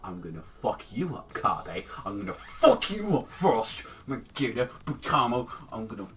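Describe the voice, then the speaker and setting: A man's voice: mid-range voice, wildly swooping pitch, moderate pace, creaky, far from the mic. A man doing a blustering godly cat destroyer. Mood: threatening. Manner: profane, blustering threats. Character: menacing godly male cat-like destroyer, threatening.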